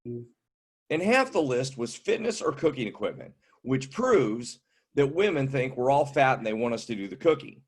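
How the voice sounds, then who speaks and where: A man in his fifties doing stand-up comedy with wry, deadpan setups. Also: medium pitch, normal speed. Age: 50s.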